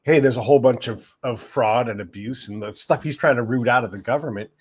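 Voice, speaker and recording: A blunt podcast host with a husky, slightly raspy voice. He talks loosely, swears freely and muses aloud in plain conversational phrasing. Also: mid-range voice, brisk. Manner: blunt, profane, laughs easily.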